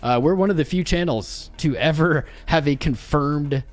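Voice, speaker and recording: A man's voice: fairly high pitch, moderate pace, faint music behind. A male livestream host in casual chat, bantering and greeting viewers one by one by name. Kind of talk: casual live-stream chat.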